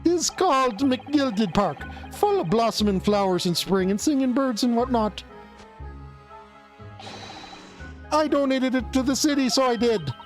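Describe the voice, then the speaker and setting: A man's voice: extremely high pitch, expressive, moderate pace, few pauses, faint music behind, voice pushed up. Man doing a blustering old tycoon, shaky put-on Irish accent, folksy and theatrical, game dialogue read aloud. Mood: boastful. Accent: put-on Irish drifting Canadian. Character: boastful rich old Irish male businessman.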